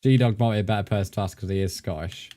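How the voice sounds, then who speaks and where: While gaming on a live stream, this man chats and rambles, calling out viewers by name to thank them. His voice is lowish, mellow and steady in tone, and he talks fast.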